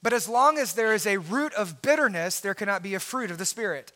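A male pastor preaching a sermon in an earnest way, swinging from quiet, low lines up to shouted emphasis and often repeating words as he goes. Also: expressive, a little fast.

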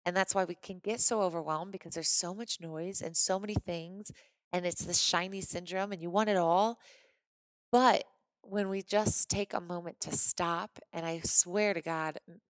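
A woman from Missouri hosting a podcast, telling a personal story in a lively, chatty way with lots of "like" fillers. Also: lowish voice, normal speed, smooth, no room sound. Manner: animated, chatty, frequent "like" fillers. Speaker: podcast host. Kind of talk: casual storytelling monologue.

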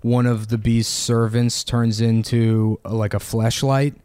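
A man's voice: mid-range voice, completely flat delivery, a little slow, dark tone, smooth, dry recording. A man co-hosting a podcast, trading crude jokes in casual banter and rambling between laughs. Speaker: podcast co-host.

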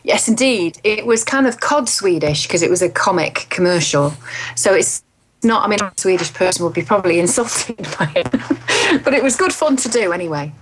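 A woman's voice: medium pitch, lively intonation, brisk, a little hiss or hum, rough recording. A woman voice artist chatting casually about her work, laughing often. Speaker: radio voice artist. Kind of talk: casual chat.

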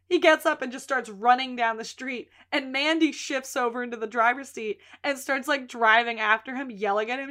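A woman co-hosts a casual podcast, recapping a series. Her voice sits a touch high and rings bright and sharp. She acts out each character's lines with lively storytelling. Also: moderate pace, hardly any pauses. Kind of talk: casual chat.

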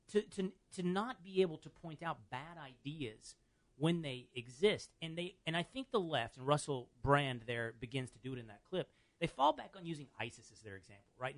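A man's voice: fairly high pitch, fairly bright tone, no room sound. A man hosting a talk radio show, arguing his points with restarts and easy laughter. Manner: argumentative, laughs easily, restarts. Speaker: radio host. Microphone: studio microphone.

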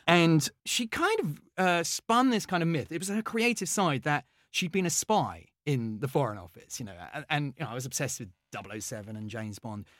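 An English-raised man as an interview guest, recounting his past with eager, animated energy and plenty of filler words and false starts. His voice sits a touch high for a man, recorded close and dry with no room sound. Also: no room sound. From England. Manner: eager, animated storytelling with many fillers and restarts. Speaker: guest, mathematician. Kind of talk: conversational interview storytelling.

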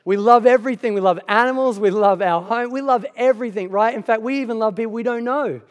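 Long reverb follows each word as a high-voiced male pastor delivers his sermon in a church hall at a quick pace. His style is emphatic but conversational, peppered with offhand remarks to the congregation.

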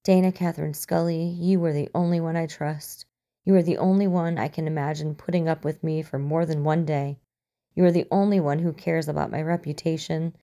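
A woman's voice: deep voice, fairly even intonation, a little fast, dark tone. A woman reading as a drunk, sweary young man. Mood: mock-tender. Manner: theatrical, sweary.

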